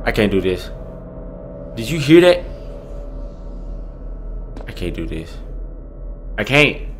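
A man's voice: lowish voice, sing-song, slow pace, slight background noise. A young adult man doing jittery, frightened let's-play commentary on a horror game, muttering nervously to his viewers. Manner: jittery, scared, muttering then screaming. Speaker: gaming YouTuber.

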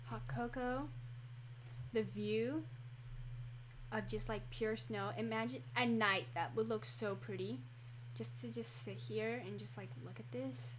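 A high-voiced woman talks through her game on a desk microphone. She is chatty and easily excited, with her sentences running on through fillers and restarts. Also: unhurried, a little hiss or hum. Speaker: gaming channel host. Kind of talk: casual game commentary. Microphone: computer microphone.

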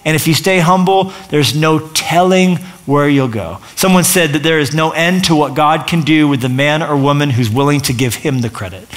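A male pastor giving an energetic, conversational sermon in a church, full of asides and quick restarts. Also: on the high side. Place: church stage.

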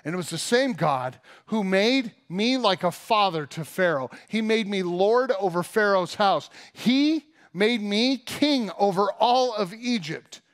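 An earnest, forgiving ruler speaks in a raised, pleading voice, tearful yet warm toward his brothers, as a pastor acts him out in a sermon. The voice sits higher than plain talk. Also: expressive, a little slow, few pauses. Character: Joseph, adult male ruler, tearful and forgiving.

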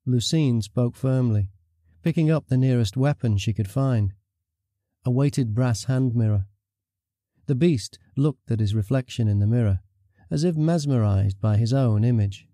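A man reading a fantasy audiobook in a measured, even storytelling manner. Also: medium pitch, no echo, clean studio sound. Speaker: audiobook narrator. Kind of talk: scripted story narration.

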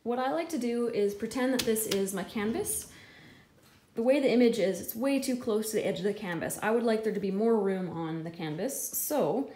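Higher-voiced woman walking thru her painting steps, chatty, jokey, echoey room w faint hum. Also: animated, moderate pace, warm tone. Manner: chatty, jokey, thinks aloud through the math. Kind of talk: casual how-to narration.

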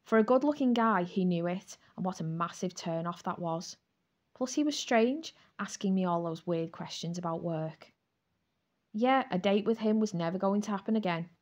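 A woman narrating a first-person romantic comedy novel aloud, with an expressive, wry storytelling manner. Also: mid-range voice, lo-fi sound. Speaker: audiobook narrator.

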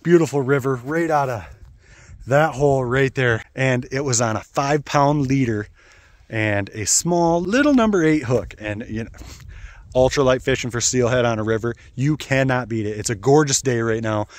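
A man, an outdoor vlogger talking excitedly to viewers while fishing on a riverbank. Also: medium pitch, moderate pace, dry recording. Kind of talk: excited outdoor narration to camera.

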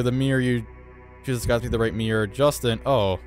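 A man hosting a let's play, reading the game's dialogue aloud and reacting emotionally, his voice jumping high when startled. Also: fairly quick, faint music behind. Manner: emotional, excitable, voice jumps high when alarmed. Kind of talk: reading game text aloud with casual commentary.

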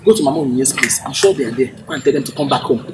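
An actress with a Nigerian accent playing a fiery middle-aged wife who scolds loudly and drops Igbo words into her talk. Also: a bass voice, lively intonation, rapid-fire, heavy background noise. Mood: angry.

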